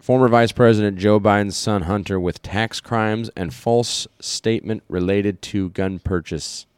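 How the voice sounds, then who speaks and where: A man's voice: fairly low pitch, a little slow, darkish tone, smooth, no room sound. A man from Iowa co-hosting a podcast, chatting casually about politics, rambling with fillers and restarts. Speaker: podcast co-host.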